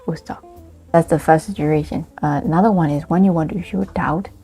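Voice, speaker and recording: A woman whose first language is Burmese teaching English intonation in an online lesson, explaining slowly and carefully and acting out example sentences. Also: sits low, warm tone, breathy edge, soft background music.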